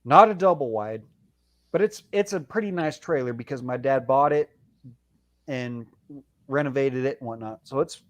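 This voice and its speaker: A caller phones into a live show and tells a heated personal story, swearing constantly in a casual way. His voice sits at medium pitch and moves at normal speed, broken up by long pauses.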